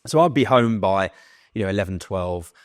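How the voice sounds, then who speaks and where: A young man, a podcast guest, casually telling a lively story, swearing and acting out the lines of the people in it. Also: fairly low pitch, moderate pace, dry recording, clean studio sound. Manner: swearing, animated retelling with quoted dialogue.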